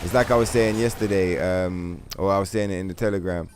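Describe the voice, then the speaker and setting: A man's voice: sits low, steady tone, a little fast, a little mellow, slight background noise. A man chatting casually and profanely while streaming a game, rambling through long comparisons and laughing. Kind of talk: casual gaming livestream chat.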